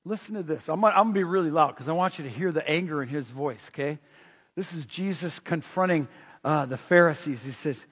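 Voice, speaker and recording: A man preaching a sermon in an animated way, full of rhetorical questions, in a dull, echoey hall recording. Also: fairly high pitch, a little fast, husky. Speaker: pastor.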